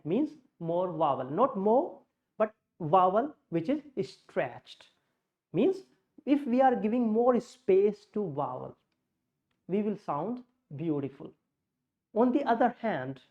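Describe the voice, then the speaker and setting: A man teaching a spoken-English lesson, explaining step by step in a deliberate way. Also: sits high, dull audio. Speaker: English speaking coach.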